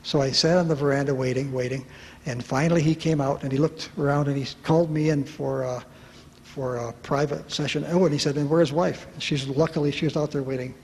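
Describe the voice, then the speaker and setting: A man telling a personal story to an audience at a retreat, lively and self-mocking, acting out the voices of the people in it. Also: mid-range voice, fairly quick. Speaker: speaker at a retreat. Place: large hall at a retreat. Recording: reverberant hall with faint background noise.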